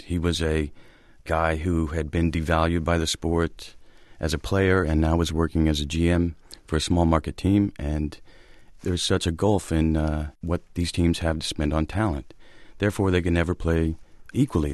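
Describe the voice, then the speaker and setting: A man with a very low voice answers interview questions as an actor guest, thoughtful and hesitant with frequent ums. The sound is dry and close. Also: darkish tone, dry recording. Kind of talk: interview talk.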